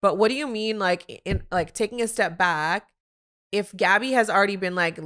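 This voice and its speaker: A woman hosting a solo sports podcast, talking in an animated, opinionated way with quick asides. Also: mid-range voice, clean tone. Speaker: podcast host.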